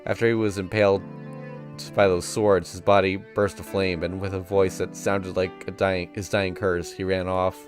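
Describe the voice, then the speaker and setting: A man's voice: low-pitched, level tone, normal speed, faint music behind. A man reading a visual novel aloud on stream, narrating casually in the first person. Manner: casual first-person narration that voices sound effects playfully.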